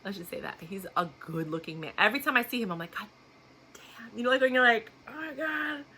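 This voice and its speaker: A blunt, outspoken woman vlogger chats straight to her viewers with a bright, forceful voice. She talks in a loose, casual storytelling way and laughs often. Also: mid-range voice, expressive, very fast, slight background noise.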